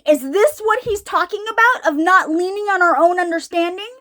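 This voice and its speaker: A woman's voice: very high voice, moderate pace, few pauses, fairly bright tone. A woman preaching an informal sermon, thinking aloud, often repeating herself and asking her listeners questions. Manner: searching, repeats herself, asks the audience questions.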